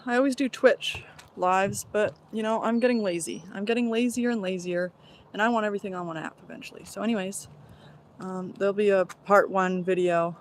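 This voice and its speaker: A woman's voice: mid-range voice, slight background noise. Rambling woman live-streaming on a walk. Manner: rambling, meandering, with sighs. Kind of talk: casual live-stream chat. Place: outdoors on a walk.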